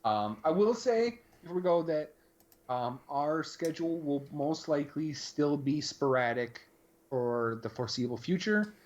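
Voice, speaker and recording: A man co-hosting a casual live chat, rambling and restarting his sentences. His voice sits fairly high and swings around a lot in pitch, heard through dull, lo-fi stream audio. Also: animated, unhurried, darkish tone. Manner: rambling, conversational, lots of fillers. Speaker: podcast co-host.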